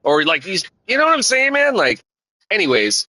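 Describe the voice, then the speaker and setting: A man's voice: sits high, huge pitch swings, normal speed, bright, forceful tone, dry recording, poor audio. A man streaming a sim race, rambling in casual, profane, slang-heavy commentary. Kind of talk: casual commentary while racing.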